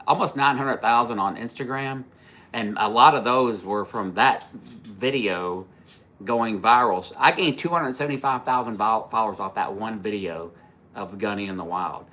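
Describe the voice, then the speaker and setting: Rambling, profane man with a bright voice. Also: lowish voice. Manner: rambling, profane, many fillers and restarts. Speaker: livestream host. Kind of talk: casual livestream storytelling.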